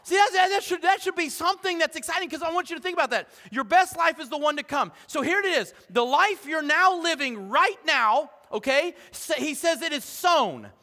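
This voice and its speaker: A middle-aged man, preaching a lively, joking sermon as pastor and swinging between loud calls and hushed asides. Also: extremely high pitch, fairly quick, few pauses. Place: church sanctuary. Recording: long hall reverb.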